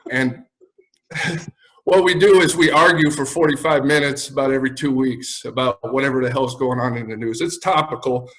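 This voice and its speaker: A man's voice: mid-range voice, moderate pace, fairly bright tone, low-quality recording. A man with a Chicago accent, a guest on a podcast, talking bluntly and swearing freely in casual chat. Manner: blunt, profane.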